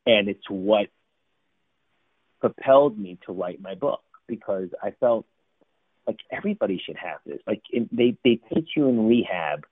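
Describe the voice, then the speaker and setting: A man from New Jersey, a life coach and guest, telling his recovery story in an animated, emphatic way. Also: mid-range voice, normal speed, no room sound. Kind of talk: recovery story told in a radio interview. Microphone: phone line. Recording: tinny phone line, dry.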